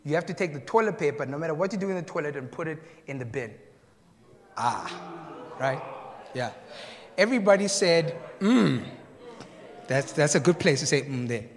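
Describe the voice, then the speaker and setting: A man's voice: on the high side, lively intonation, brisk, long pauses. A man from South Africa preaching a sermon, telling anecdotes with laughter and questioning the congregation. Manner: storytelling, laughs at own jokes, asks the congregation questions. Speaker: pastor. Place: church hall. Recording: long hall reverb.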